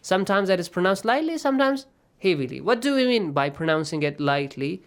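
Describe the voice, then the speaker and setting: A man's voice: sits high, very animated, a little fast, smooth. A man teaching Quran recitation rules in a lesson, explaining patiently and checking understanding often. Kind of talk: online tajweed lesson.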